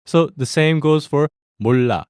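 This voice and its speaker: A man's voice: on the high side, brisk, a little mellow, clean tone, no echo, clean studio sound. A man hosting a language lesson, explaining Korean phrases to learners step by step in a friendly way that breaks into easy laughter.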